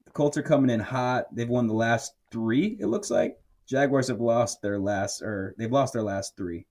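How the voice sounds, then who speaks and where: A man's voice: medium pitch, animated, normal speed, a little mellow. A man co-hosting a sports podcast, rambling and wisecracking about football picks. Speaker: podcast co-host. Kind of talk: casual sports chat.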